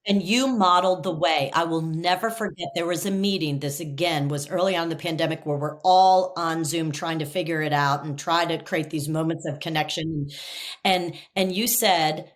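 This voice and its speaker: A woman podcast host and leadership coach, talking in a relaxed interview and acting out the lines she quotes. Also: low-pitched, fairly quick. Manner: animated storyteller, acts out quoted lines. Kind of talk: conversational interview.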